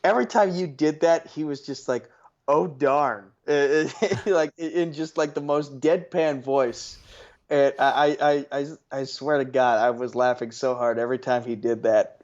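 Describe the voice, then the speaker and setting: A man's voice: medium pitch, fairly even intonation, darkish tone. Young man with a rambling story, lo-fi sound. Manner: rambling storyteller with quick self-corrections. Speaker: podcast co-host. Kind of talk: casual chat. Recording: slightly dull, lo-fi sound.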